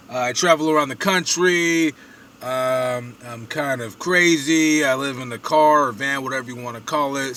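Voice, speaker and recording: A man's voice: mid-range voice, pushed and bright, a little hiss or hum. A man vlogging alone on a phone camera, telling a story in a loose, rambling way full of fillers and quoted asides. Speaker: van-dwelling traveling vlogger. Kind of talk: casual storytelling monologue. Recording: voice slightly distant from the mic.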